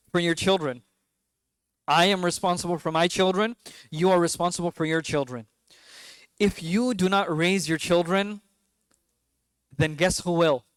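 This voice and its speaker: With a clean tone and no echo, this high-pitched man in his twenties speaks in a New York accent. He chats with parents in a mosque talk, asking the crowd questions and cracking jokes now and then.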